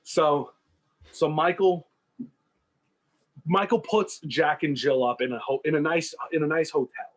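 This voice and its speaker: A podcast co-host with a fairly high voice casually recounts a made-up movie plot, animatedly acting out the characters' lines. He speaks at a measured pace, pausing often, and the audio quality is poor.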